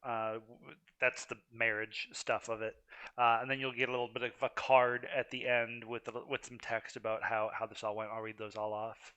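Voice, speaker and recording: A man's voice: mid-range voice, flat delivery, normal speed, bright, forceful tone, clean tone, muffled recording. A man hosting a gaming video, commenting casually in a rambling, amused way. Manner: rambling, amused, many fillers and restarts.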